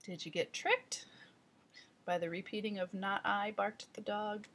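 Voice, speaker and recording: A woman teaching trainees in an instructional voice-over, explaining deliberately and speaking straight to the viewer. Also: mid-range voice, steady tone, fairly bright tone.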